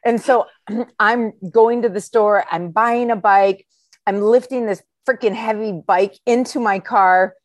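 A woman's voice: a little slow, no echo. A woman in her forties, a schoolteacher, telling a story in casual chat and acting out the voices of the people in it. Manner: animated, acts out quoted voices with a high exclaiming tone. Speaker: podcast guest telling a story.

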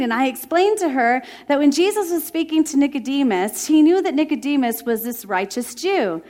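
A woman's voice: sits high, normal speed, hardly any pauses. Earnest woman telling a faith story. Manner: earnest, emotive, laughs when excited. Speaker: Christian speaker.

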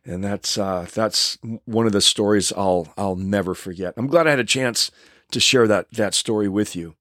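A man's voice: lowish voice, moderate pace, fairly bright tone, no echo, studio quality. An older man, a stuntman, telling a casual anecdote in a rambling way with many restarts.

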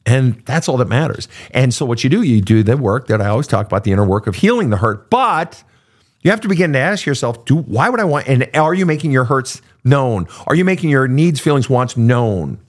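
A man's voice: mid-range voice, animated, brisk. A middle-aged man hosting a casual advice talk, blunt and profane. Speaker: podcast host, coach.

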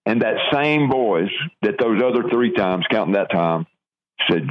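An older man tells his life story in a plain, halting way, stumbling and restarting as he goes. His voice sits low. It comes through a dull, lo-fi radio broadcast. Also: animated. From Georgia, US. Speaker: guest telling his conversion testimony. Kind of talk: personal testimony in an interview.

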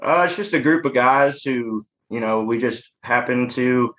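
A man's voice: medium pitch, a little slow, fairly bright tone, low-quality recording. A man, a musician guest talking casually in a laid-back, rambling way. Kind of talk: casual interview chat.

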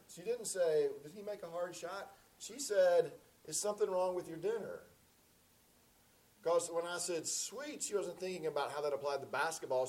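A man's voice: a little high, a little mellow, rough recording. A man preaching a sermon as pastor in a conversational, folksy way with many fillers.

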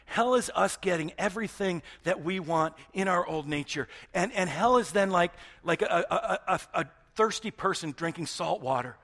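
A man preaching a sermon as pastor, moving between loud emphatic passages and hushed near-whispers. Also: high voice, expressive, moderate pace, few pauses.

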